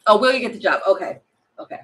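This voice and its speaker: A woman's voice: mid-range voice, animated, fast, a bit bright, rough recording. A woman giving tarot readings on a live stream, chatty and apologetic, thinking aloud as she goes. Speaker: tarot reader.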